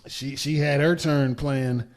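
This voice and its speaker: A man's voice: medium pitch, steady tone, slow pace. A man co-hosting a podcast in casual chat, giving blunt, emphatic opinions. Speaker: podcast co-host.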